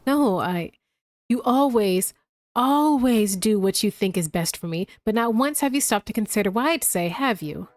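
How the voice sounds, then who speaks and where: A woman's voice: medium pitch, animated, moderate pace, no room sound, natural voice. A woman voicing a stubborn, tearful young game hero in heated, accusing outbursts in her own voice. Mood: exasperated.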